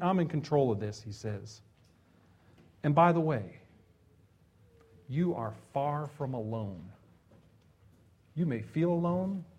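Male preacher swinging loud to hushed. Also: high voice. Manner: swings from loud emphasis to soft, hushed delivery; conversational, with chuckles and asides. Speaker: pastor. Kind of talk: sermon.

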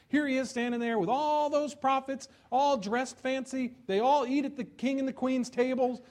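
High-voiced animated male preacher. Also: moderate pace, few pauses. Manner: lively storytelling, acting out voices and taunts. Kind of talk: sermon.

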